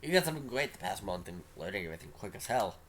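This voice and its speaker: A man voicing a brash male military trainer, talking in a loud, commanding way in a game read-aloud. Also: low-pitched, big pitch swings, fast, slight background noise.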